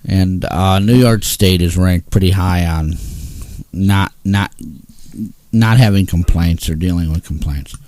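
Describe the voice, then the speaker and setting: A man from the northeastern United States hosts a small talk show from a home studio. His voice sits on the low side, and he talks in grumpy, exasperated rants full of cursing. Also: unhurried, darkish tone, no echo. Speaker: host. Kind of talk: casual ranting talk show.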